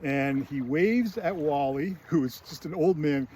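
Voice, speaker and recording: A chatty man walks through a film's scenes and pokes at its dialogue, sliding into quick put-on voices for the characters. His voice sits a touch high. A faint hiss runs underneath. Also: a little mellow. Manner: chatty, recounts scenes with brief put-on voices, frequent fillers. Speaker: screenwriting channel host. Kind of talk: casual film critique.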